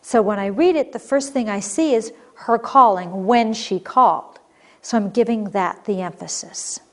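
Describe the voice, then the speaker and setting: A woman teaching a recorded grammar lesson, explaining clearly and patiently. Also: mid-range voice, normal speed.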